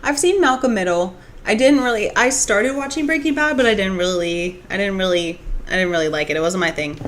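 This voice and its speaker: A woman's voice: medium pitch, a little fast, slight background noise. Chatty rambling young woman streamer. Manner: rambling, restarts, many "like"s, reads chat comments aloud. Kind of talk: casual live-stream chat.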